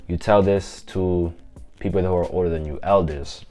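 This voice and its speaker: A man giving a casual vlog language lesson, repeating words slowly for pronunciation in a chatty, loose way. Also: low-pitched, fairly even intonation, faint music behind. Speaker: language teacher vlogger.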